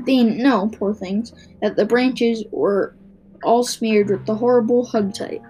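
A woman reads a children's book aloud in a fairly high voice, shaping the sentences with expression. Now and then she trips on a word and starts it again. Soft music plays faintly behind her. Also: unhurried, rough recording. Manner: expressive, with small stumbles and restarts. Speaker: narrator.

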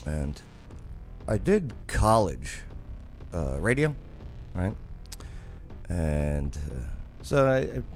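A man's voice: low-pitched, very animated, very slow, pauses often, slight background noise. A man with a New Jersey accent, hosting a radio show and telling stories in casual chat, acting out other people's lines as he goes. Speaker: radio show host and former army journalist.

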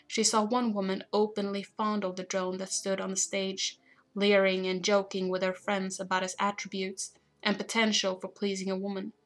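A woman narrating a fantasy novel aloud in a steady, even reading voice. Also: medium pitch, normal speed. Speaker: audiobook narrator. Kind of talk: scripted narration.

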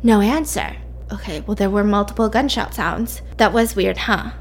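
A woman's voice: mid-range voice, moderate pace, husky. A young woman casually retelling a fictional mystery story, chatty and acting out the characters' lines.

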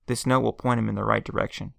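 A steady, level-headed father with a low, gravelly voice, as a man reading a storybook puts him on. His delivery is quiet and even. The recording is close and dry. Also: fast, no echo.

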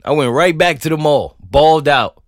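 A man's voice: fairly high pitch, moderate pace, very noisy. A man hosting a podcast, ranting comedically, laughing often and swearing freely. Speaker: podcast host. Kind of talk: comedic rant.

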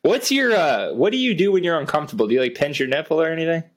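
A man with a husky voice chats casually on a podcast, laughing often and teasing his co-host while backing him up. His pitch swings around lively as he talks. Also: fast. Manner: laughs easily, teasing and supportive. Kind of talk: casual chat.

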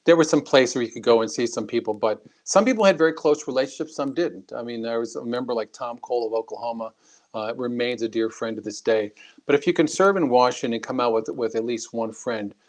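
A former congressman speaks as a guest in a talk interview. He tells anecdotes in a lively, chatty way, often restarting his sentences. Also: medium pitch, fast. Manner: anecdotal, animated, frequent restarts. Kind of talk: interview storytelling.

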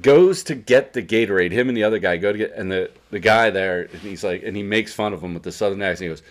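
Man, low voice, casual sports chat, profane, laughs a lot. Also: fast. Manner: profane, storytelling, laughs often. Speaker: podcast co-host.

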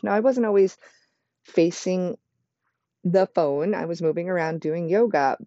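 A yoga teacher speaks in a soft, mellow tone, building encouragement through repeated parallel phrases. The recording is dry and a little dull, with a lo-fi edge. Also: mid-range voice, no room sound. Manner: flowing, repetitive, encouraging phrasing; admits to speaking fast. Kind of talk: motivational self-help talk.

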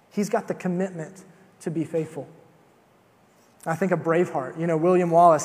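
A man giving a sermon in an easy, conversational manner, often pausing on fillers and repeating his first words. His voice sits fairly high for a man. The sound rings with the long reverb of a large hall. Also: a little mellow. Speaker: preacher.

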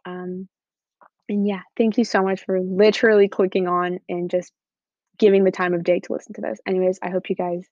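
Young woman, podcast host, casual and earnest, mellow voice, dry lo-fi sound. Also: medium pitch, little pitch movement, a little fast, dry recording. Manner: chatty, earnest, many ums and you-knows.

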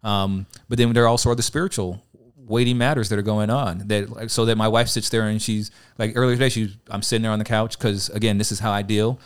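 Fast-talking, deep-voiced male pastor. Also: steady tone, smooth. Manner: rambling, earnest, acts out quoted dialogue. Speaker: pastor and podcast co-host. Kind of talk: casual conversational podcast.

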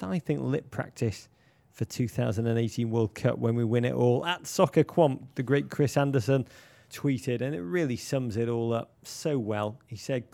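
Gravelly man, playful and florid. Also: mid-range voice, mellow. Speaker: podcast co-host. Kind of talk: casual chat.

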